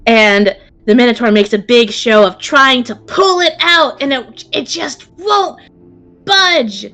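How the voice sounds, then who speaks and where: A woman serving as game master, narrating a tabletop game in a lively, casual way with fillers. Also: fairly high pitch, slow, faint music behind.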